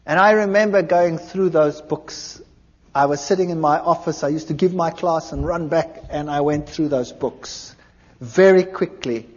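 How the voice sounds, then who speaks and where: Man telling his testimony, high lively voice acting out the back and forth, dull lo-fi sound, long hall echo. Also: moderate pace. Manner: animated storytelling, acts out dialogue. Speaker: speaker giving a testimony. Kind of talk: personal testimony talk. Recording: dull lo-fi recording in a large reverberant hall.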